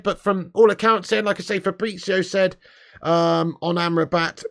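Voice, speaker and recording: Brief: male stream host, rowdy banter, swearing, slightly high voice. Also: dry recording, studio quality. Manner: brash, profane football banter. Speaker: fan channel host. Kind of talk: live transfer news stream.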